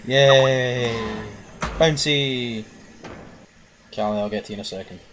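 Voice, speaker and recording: Speaking rapid-fire in a voice on the low side, a gaming video host gives casual let's-play commentary on a puzzle game. He's excitable, exclaiming and cursing at it as he plays, with slight background noise behind him.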